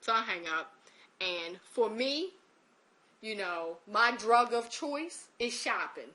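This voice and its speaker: A woman telling a personal story in a lively, emotional way, acting out the quotes. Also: mid-range voice, takes it slowly. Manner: animated, emotional retelling with acted-out quotes.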